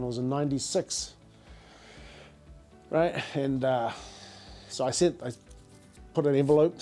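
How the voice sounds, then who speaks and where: A man's voice: mid-range voice, warm tone. A middle-aged man with a New Zealand accent, a business founder telling stories in a casual, slangy interview, repeating words as he goes.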